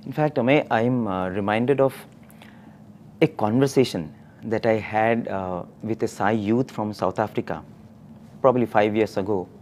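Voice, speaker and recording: A man sharing an anecdote in conversation, animated and laughing, acting out the people he quotes. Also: fairly low pitch, moderate pace, a little hiss or hum. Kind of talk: storytelling in conversation.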